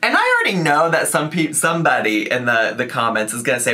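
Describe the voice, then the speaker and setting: A man's voice: mid-range voice, wildly swooping pitch, quick pace, sharp tone. A man giving casual reaction commentary, rambling and full of "like" fillers.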